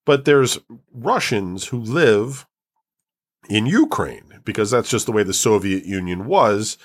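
A man with a somewhat low voice, talking casually in a loose, rambling way. He stops and restarts often and fills the gaps with "like" and "um" while he explains things at length. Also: expressive, a little slow. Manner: rambling, many fillers and restarts. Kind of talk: casual chat.

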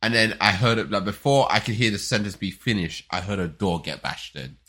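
A man's voice: fairly low pitch, a little fast, sharp tone. A man chatting casually, telling a rambling story with frequent stammers and restarts. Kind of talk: casual chat.

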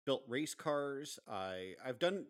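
A man's voice: medium pitch, lively intonation, slow pace. A man hosting a casual interview podcast, friendly and admiring toward his guest, laughing along. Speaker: podcast host.

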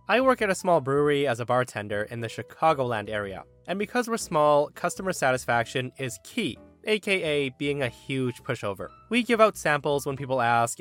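A man reading online stories aloud in an animated, wry storytelling manner, adding his own comments. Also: mid-range voice. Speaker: story narrator.

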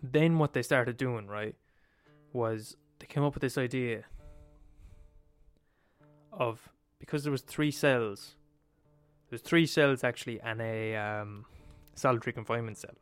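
A man's voice: mid-range voice, measured pace, smooth, soft background music. A young man retelling a story in a casual, profane way, acting out quotes as he goes. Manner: profane, swears freely, acts out quotes.

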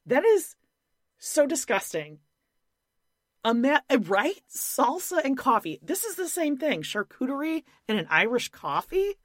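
A woman with a high voice, speaking at a measured pace, co-hosts a podcast recapping a reality show. She's blunt, animated, and mocking, swearing and laughing a lot, and the recording is clean studio sound with no room sound.

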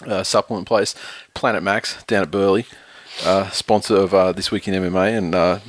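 A low-pitched man in his thirties spins a sweary, animated story in casual podcast chat. His voice sits dry and close to the mic. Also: moderate pace, no room sound. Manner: profane, animated storytelling with laughs.

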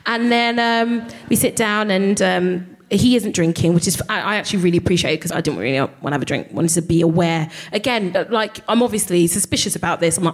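A young woman performs stand-up at a live venue. She talks in an animated way, laughs often and swears freely as she tells a story. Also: on the low side, a little fast, few pauses. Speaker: comedian.

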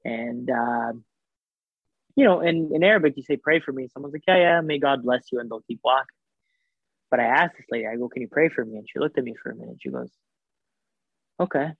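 A man casually recounting a personal story, acting out the dialogue in an animated way and using plenty of fillers. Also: medium pitch, fairly quick, long pauses, slightly rough, no echo. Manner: animated retelling with reported dialogue, many fillers. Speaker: guest telling a personal story. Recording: thin phone-like dry sound.

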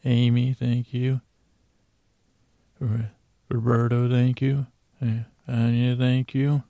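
A man's voice: mid-range voice, level tone, slow pace, dark tone, no echo. A man hosting a bedtime podcast, rambling and mumbling with playful asides as he thanks listeners. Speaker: podcast host.

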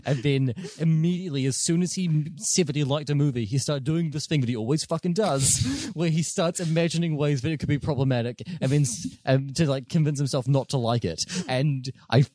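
A man's voice: fairly high pitch, fairly quick, few pauses, dark tone, dry recording. A man co-hosting a casual film podcast, explaining scenes with frequent stammering restarts. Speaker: podcast co-host.

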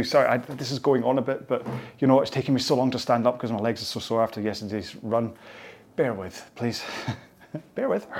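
A man's voice: mid-range voice, a little mellow. A man with a Scottish accent leading a stretching session in a rambling, self-mocking way, laughing often and drifting off on tangents. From Scotland. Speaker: fitness instructor. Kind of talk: rambling casual stretch-class talk. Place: indoors, on the floor while stretching.

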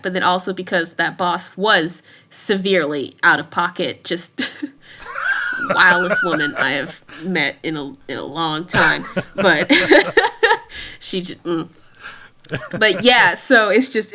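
Woman, 30s, bright voice, easygoing podcast guest, laughs a lot. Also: fairly low pitch, big pitch swings, a little slow. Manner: chatty, laughs often between thoughts. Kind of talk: casual chat.

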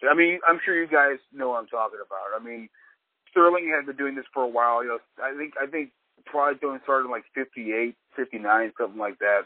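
A man riffs loosely about old films, cursing freely and circling back on his own points. He is heard over a tinny, phone-like line. The sound is flat and dry, with no room around it. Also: mid-range voice, fairly quick, no room sound. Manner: rambling, profane, opinionated. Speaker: podcast co-host. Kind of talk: casual film chat.

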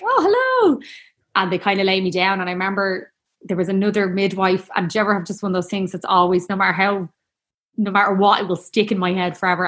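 A woman's voice: on the low side, a bit bright. A woman telling a personal story in a casual, rambling, heartfelt way. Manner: chatty, rambling, heartfelt, peppered with "like".

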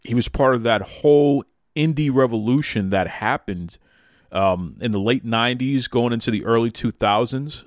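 A man hosting a wrestling talk show, excitable and playful, hyping people up with exaggerated praise. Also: mid-range voice, measured pace, no room sound, clean studio sound. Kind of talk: hyped casual podcast talk.

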